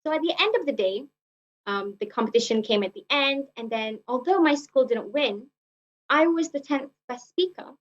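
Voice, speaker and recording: A young woman speaking earnestly, her pitch sitting on the higher side. She tends to repeat her phrases and fall back on filler words. The recording is muffled and lo-fi. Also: expressive, normal speed. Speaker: club speaker. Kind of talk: prepared personal speech.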